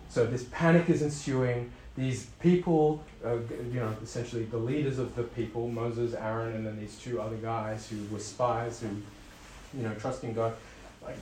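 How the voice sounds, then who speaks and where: Casual, animated male preacher. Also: mid-range voice, moderate pace, echoey room, slight background noise, poor audio. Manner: animated, conversational, many fillers and restarts. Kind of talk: casual sermon.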